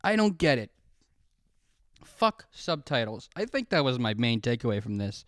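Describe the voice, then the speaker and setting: Alone at home, drinking alcohol and filming himself with a camera pointed at his face, a young man hosts a solo podcast, rambling through a profane, self-mocking comic rant and acting out quoted voices. His mid-range voice swings widely in pitch at normal speed with a fairly bright tone. The sound is clean and studio-like, with no room sound.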